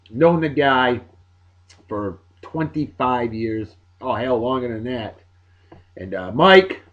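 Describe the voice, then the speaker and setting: A man, giving upbeat, jokey birthday shout-outs to friends in a casual video blog. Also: mid-range voice. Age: 40s. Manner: upbeat and jokey, lots of catchphrases. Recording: dull lo-fi sound with faint music.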